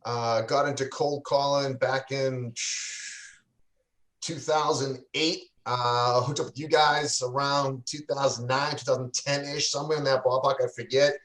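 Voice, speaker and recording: A real estate coach speaks casually in a livestream interview over a video call, loose and full of fillers and restarts. His voice is medium-pitched and fairly bright, with fairly even intonation and a slightly slow pace. He's indoors at home in a cold city, in an echoey room.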